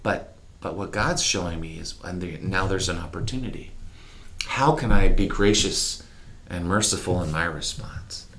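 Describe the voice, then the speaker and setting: A man speaking as an interview guest, telling candid, animated personal stories in a reflective conversational way. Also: deep voice, moderate pace. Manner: candid, animated, mimics horn sounds.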